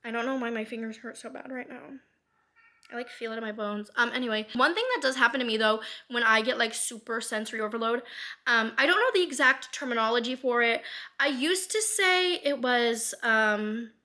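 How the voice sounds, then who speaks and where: A woman in her twenties talking candidly in a personal vlog, rambling with lots of fillers, casual swearing and speed that shifts between fast and slow. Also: on the high side, sharp tone. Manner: rambling with many fillers and frequent laughs. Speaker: vlogger.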